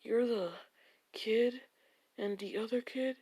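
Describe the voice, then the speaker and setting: A man voicing a drunk, cowardly male hero in a homemade fan story, pitching his voice higher and sounding flustered and defensive. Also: steady tone, takes it slowly, warm tone, full character voice. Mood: confused.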